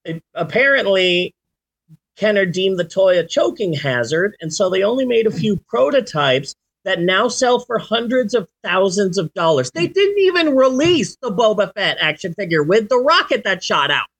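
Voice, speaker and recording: A man in his forties hosting a podcast, chatting casually and telling stories in an animated way. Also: sits high, normal speed. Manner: animated storyteller, does sound effects. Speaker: podcast host. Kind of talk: casual chat.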